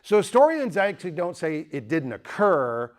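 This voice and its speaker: A man's voice: on the high side, normal speed. Joking male lecturer. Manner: lively, joking, asks the audience questions. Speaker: speaker. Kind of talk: apologetics lecture.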